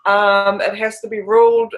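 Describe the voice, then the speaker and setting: A woman with a New Zealand accent chatting as a guest, earnest and animated. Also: medium pitch, moderate pace, highs cut off. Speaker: podcast guest. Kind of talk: casual chat.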